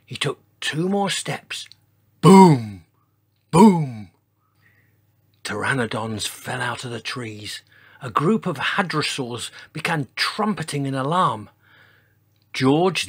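A man reading a children's dinosaur story aloud, with dramatic sound words and expressive pacing. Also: mid-range voice, unhurried, breathy edge.

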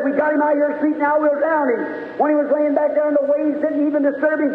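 A man's voice: very high-pitched, phone-quality sound, slight background noise. A man in his forties preaching a sermon in a church hall, telling the story in a folksy, fervent way, captured on an old 1950s sermon tape. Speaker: evangelist preacher.

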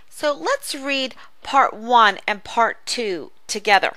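A woman tutor giving a phonics lesson, speaking slowly and over-enunciating each sound for young readers. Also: on the high side, lively intonation, sharp tone, dry recording. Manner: slow, careful, over-enunciated teaching. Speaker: reading tutor.

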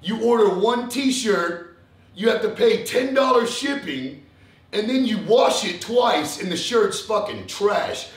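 A young man from Texas rants at his viewers with heavy profanity, jumping into mocking voices. His voice sits a little high and sounds roomy and a bit off the mic. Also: slow pace, far from the mic. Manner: animated, profane, mimics others in mocking voices. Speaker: fitness vlogger. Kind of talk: casual ranting monologue.

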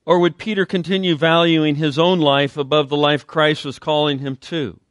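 A man's voice: a little high, little pitch movement, normal speed, a bit bright, dry recording, studio quality. A man preaching a conversational sermon as pastor, using frequent fillers and acting out quotes. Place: church sanctuary.

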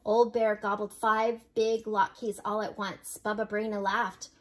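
An older woman, a grandmother, reading a children's picture book aloud in a gentle, unhurried way with small slips and chuckles. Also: mid-range voice, flat delivery. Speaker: storyteller.

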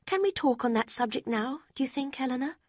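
Woman doing a high, heartfelt young woman. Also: expressive, no echo, clean studio sound. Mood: earnest, remorseful. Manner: high, slow, heartfelt delivery. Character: emotional young woman, earnest, remorseful.

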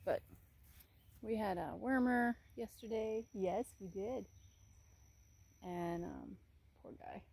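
A woman's voice: medium pitch, slow, gravelly, long pauses, breathy edge. Chatty woman outdoors with her horse. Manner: chatty, soft-spoken, fond baby talk to the horse. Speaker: horse owner vlogger. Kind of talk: casual vlog talk to camera. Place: outdoors in a rural paddock. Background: birds and outdoor ambience.

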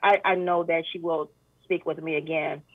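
A woman's voice: deep voice, normal speed, no room sound. Earnest woman guest on a phone line. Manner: earnest, animated when retelling, many fillers. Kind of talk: casual interview chat. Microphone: phone call.

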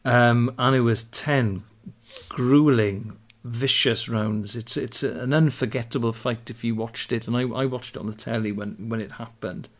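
A man's voice: medium pitch, steady tone, fairly bright tone. Welsh man, playful podcast banter. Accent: Welsh, Carmarthen. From Wales. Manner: enthusiastic, playful, quick to laugh. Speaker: co-host. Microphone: video call.

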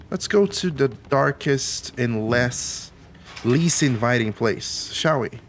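Guy doing a lets play of a scary game, jokey, talks to himself, bit of hiss behind. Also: medium pitch. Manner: playful, talks to himself, jumpy. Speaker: gaming YouTuber. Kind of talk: let's play commentary.

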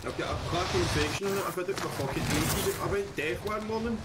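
A man's voice: high voice, fairly quick, very noisy. A man chatting crudely with his squad during a shooter game, rambling and swearing. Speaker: squad teammate. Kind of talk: casual gaming chat. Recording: loud game gunfire behind.

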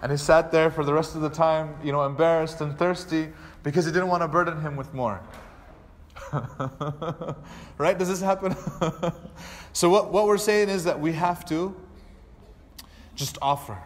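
A man's voice: on the high side, unhurried, pauses often, long reverb tail. A man, an imam, teaching a lecture class, acting out little dialogues as he tells stories. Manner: animated storytelling with acted-out dialogue. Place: mosque hall.

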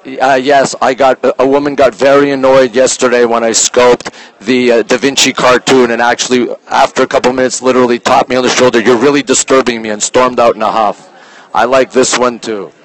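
A man from Canada talks casually into a phone as he strolls through a museum gallery, greeting viewers one after another. He often keeps his voice low, and his pitch sits in the middle range. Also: level tone, fairly quick, poor audio. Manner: chatty, greets viewers by name, often softly spoken. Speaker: livestreamer touring a museum. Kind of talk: casual live-stream chat. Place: indoor art museum gallery. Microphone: phone held while walking.

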